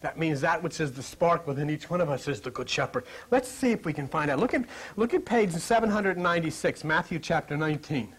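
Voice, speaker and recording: A man preaching a lively sermon to a congregation, joking and dropping to a whisper to stress points. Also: a little high, brisk, few pauses, husky. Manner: animated, jokey, drops to whispers for emphasis.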